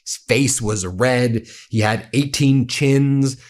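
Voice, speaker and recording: A man's voice: mid-range voice, slow pace. A man hosting casual political commentary over clips, mocking and blunt, often stumbling over repeated words.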